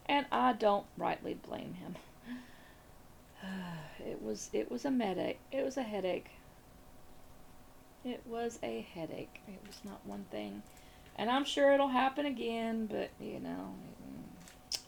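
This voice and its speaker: Gravelly-voiced Southern woman telling a story. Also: medium pitch, lively intonation, measured pace, long pauses, slight background noise. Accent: Southern American. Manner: rambling, chatty, repeats phrases. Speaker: crafting vlogger. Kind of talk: casual storytelling chat.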